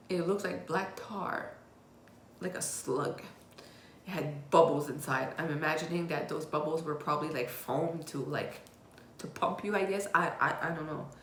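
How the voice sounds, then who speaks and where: A woman's voice: low voice, measured pace, fairly bright tone, slight background noise. A woman telling her own hard life story in a candid, raw way, with blunt swearing, as a confessional vlog. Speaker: vlogger. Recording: roomy echo.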